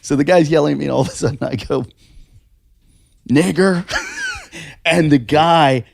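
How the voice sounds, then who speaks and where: A man's voice: fairly high pitch, fairly quick, creaky, dry recording, studio quality. A man co-hosting a podcast, telling stories in casual chat and acting out the quotes with lots of swearing. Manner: animated, swearing, acts out quotes. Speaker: podcast co-host.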